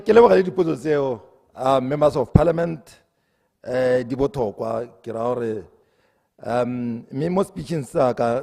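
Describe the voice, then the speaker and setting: Hesitant minister in a reverberant chamber. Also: male voice, medium pitch, mellow. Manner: hesitant, many fillers, switches to English. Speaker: government minister. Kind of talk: answering questions in parliament. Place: parliament chamber.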